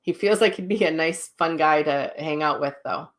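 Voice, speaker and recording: A woman's voice: low voice, moderate pace. Soothing, hesitant woman giving psychic readings. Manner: gentle, reassuring, with many ums and restarts; relays messages in quoted voices. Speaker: psychic medium host. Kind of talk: live-streamed readings.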